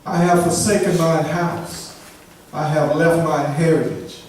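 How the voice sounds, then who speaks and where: A man reads scripture with slow, deliberate care. His higher voice sounds distant from the mic. It echoes heavily around the room over faint ambience. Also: steady tone, darkish tone, a little hiss or hum. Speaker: scripture reader. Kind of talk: reading scripture aloud.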